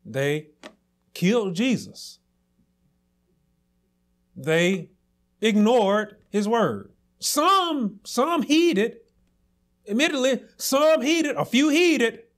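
A man pastor delivering a sermon, preaching emphatically with repeated phrases and rising to shouts. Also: very high voice, very animated, extremely slow, pauses often.

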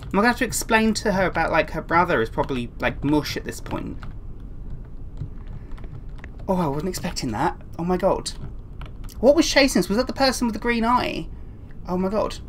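A woman's voice: lowish voice, expressive, a little fast, slight background noise. A young woman commentating a horror game, jumpy and swearing when scared, with dry asides. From England. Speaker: gaming YouTuber. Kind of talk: let's play commentary.

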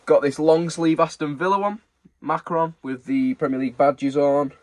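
A man's voice: a little high, steady tone, moderate pace. A young man, casually showing off secondhand football shirts he is reselling, in a chatty, rambling way. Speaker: online reseller. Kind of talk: casual haul chat.

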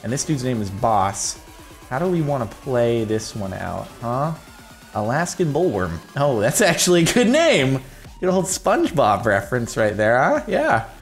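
A man's voice: medium pitch, very animated, a little slow, soft background music. A man giving casual, jokey commentary on his own gameplay, rambling and laughing as he plays. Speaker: gaming video host.

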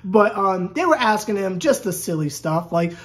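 A woman's voice: mid-range voice, expressive, normal speed. A woman sports YouTuber talking in a casual, rambling vlog rant. She is sarcastic and keeps restarting her sentences. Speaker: sports YouTuber covering a basketball team.

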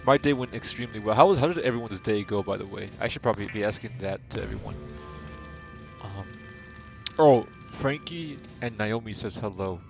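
Young male streamer, lowish voice, rambling and playful, game music behind. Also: brisk, gravelly. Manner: rambling, playful, self-deprecating, chats to viewers. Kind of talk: casual live-stream chat while gaming.

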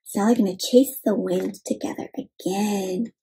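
A woman reading a picture book aloud to young children in an animated way, often stopping to ask them questions. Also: mid-range voice, normal speed, creaky, husky. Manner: animated, asks the listeners questions, gasps. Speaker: storyteller for children. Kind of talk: interactive read-aloud for kids.

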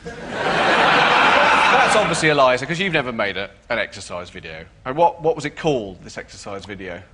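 A man's voice: medium pitch, sing-song, moderate pace, noisy background. Sardonic man questioning a panellist.

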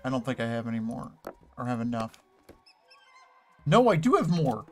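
A man's voice: medium pitch, big pitch swings, moderate pace, darkish tone, soft background music. A man casually commenting while playing a video game, thinking aloud and correcting himself as he goes. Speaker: streamer. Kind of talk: casual let's play commentary.

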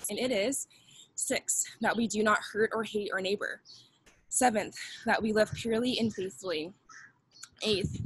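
A woman's voice: medium pitch, a bit bright, slightly rough, poor audio. A young woman teaching children a Bible lesson in an upbeat way, leading call-and-response with them.

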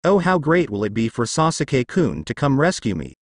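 A man's voice: medium pitch, big pitch swings, brisk, dry recording, studio quality. A man voicing a young female ninja, lovestruck and anxious, who stammers and hesitates. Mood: unsure.

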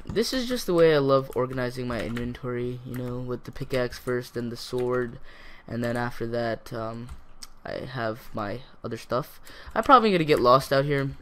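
A man casually commenting as he plays a video game, rambling and chatty with sudden bursts of excitement. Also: mid-range voice, normal speed, few pauses, a little hiss or hum. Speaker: gaming YouTuber. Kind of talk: casual let's-play commentary.

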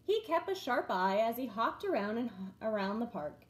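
A woman's voice: fairly high pitch, normal speed. A woman teacher reading a picture book aloud to young children, expressively. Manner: expressive, storytelling. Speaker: first grade teacher. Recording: roomy echo.

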